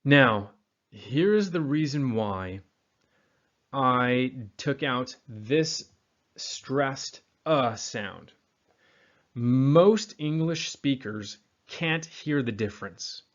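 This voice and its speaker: A man teaching accent and pronunciation, demonstrating sounds slowly and repeating words, with a General American accent. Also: medium pitch, animated, fairly bright tone, lo-fi sound. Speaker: accent coach.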